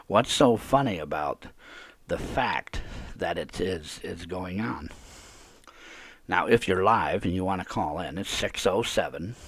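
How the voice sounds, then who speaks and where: A man's voice: low voice, animated, a little slow, fairly bright tone, slightly rough. A man hosting a live call-in podcast, ranting indignantly and repeating himself. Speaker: podcast host.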